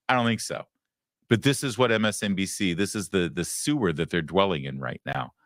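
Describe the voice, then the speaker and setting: Sarcastic low-voiced male host. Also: normal speed, no room sound, studio quality. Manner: sarcastic, mocking, emphatic. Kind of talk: opinionated commentary.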